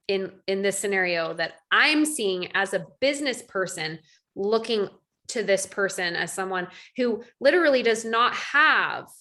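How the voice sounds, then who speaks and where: A woman in her thirties leading a coaching call, animated and acting out her own thoughts as she talks. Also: medium pitch. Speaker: life coach. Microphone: video call.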